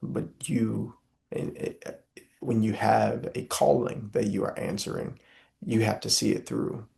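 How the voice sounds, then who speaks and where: Interviewed as a guest, a young Southern man speaks a little slowly in a gravelly, darkish voice on the low side, with little pitch movement. He sounds impassioned and preacherly, filling his speech with many "uh"s.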